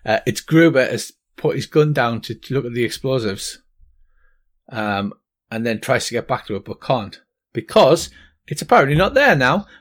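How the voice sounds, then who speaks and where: A man's voice: medium pitch, lively intonation, normal speed. A man narrating a tabletop game as game master, with many ums and restarts. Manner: hesitant, lots of ums and restarts.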